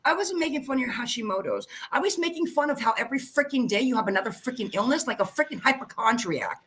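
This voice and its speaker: Woman streamer mid-rant: swings her pitch widely, bright edge, profane callouts. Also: expressive, fast. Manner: heated, profane, calls people out. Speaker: livestream host. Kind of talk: angry livestream rant.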